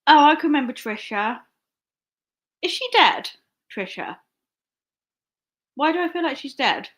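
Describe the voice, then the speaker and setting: A woman's voice: sits high, very animated, unhurried. A young woman chatting casually on a live stream. She rambles, laughs often and swears freely. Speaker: online reseller live-streaming.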